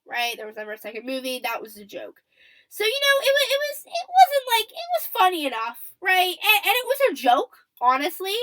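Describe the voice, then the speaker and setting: A young woman talks through her podcast in a casual, chatty way. Her voice sits high and swings widely as she acts out quotes and keeps checking in with her listeners. She sounds like someone recapping events for friends. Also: very animated, moderate pace, fairly bright tone, low-quality recording. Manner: chatty, checks in often with "okay?" and "right?"; acts out quoted lines and laughs. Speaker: podcast host.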